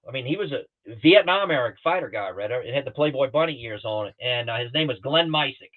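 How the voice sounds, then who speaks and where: A man's voice: medium pitch, lively intonation, brisk. A middle-aged man, a guest pilot, tells stories casually and acts out other people's lines, heard over a video call. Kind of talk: casual storytelling. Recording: tinny phone-like call audio.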